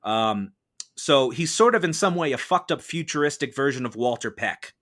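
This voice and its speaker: A man acting as prosecutor in a mock trial on a podcast, arguing a prepared case in a measured, formal courtroom manner. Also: mid-range voice, expressive, a bit bright. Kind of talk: prepared argumentative case delivered to a judge.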